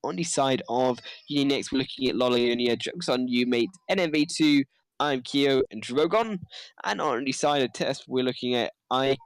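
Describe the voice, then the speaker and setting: Chatty esports caster, dry close sound. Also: male voice, medium pitch, normal speed, smooth, dry recording. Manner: chatty, announces giveaways, laughs easily. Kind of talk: livestream esports commentary.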